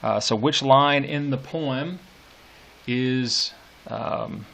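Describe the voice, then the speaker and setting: A middle-aged man teaching literature, reading poetry aloud slowly and annotating it, with hesitant fillers. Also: medium pitch, creaky, a bit bright, slight background noise. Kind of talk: lecture with poem reading.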